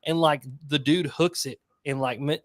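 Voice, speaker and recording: Excited man telling fishing stories. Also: fairly high pitch, moderate pace, dry recording, studio quality. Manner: excited storyteller, fillers like "like". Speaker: guest angler. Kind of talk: casual podcast chat.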